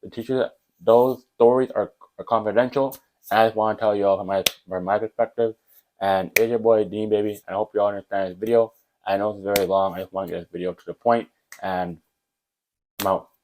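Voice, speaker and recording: Young dude, lowish voice, talks fast, rambly storytime vlog. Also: male voice, noisy background. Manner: animated, rambling, with fillers like whatever and blah blah. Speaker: vlogger.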